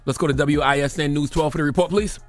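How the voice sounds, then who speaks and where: A male radio host delivers a commentary segment, emphatic and prone to tangents, often pausing to check in with his listeners. His voice is a little high for a man. A faint music bed runs underneath. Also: fairly even intonation. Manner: emphatic, digressive, peppered with "okay?".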